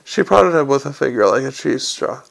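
A man's voice: medium pitch, animated, moderate pace, vocal fry, fairly bright tone. A man reading an audiobook in a dry, understated narrating manner. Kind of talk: scripted narration.

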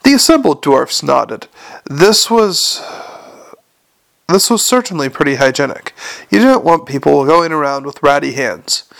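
A man's voice: on the high side, animated, normal speed, vocal fry, fairly bright tone. A man narrating a comic fantasy story aloud in a wry way, with the odd slip and restart. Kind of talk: audiobook narration.

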